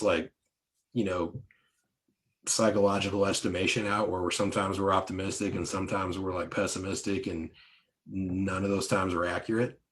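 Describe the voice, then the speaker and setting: A fairly low-voiced man speaks to an online group as a coach. He is casual and emphatic, often restarts his sentences and fills pauses with "you know" and "like". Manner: conversational, emphatic, many fillers and restarts. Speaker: business coach. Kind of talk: live online coaching talk.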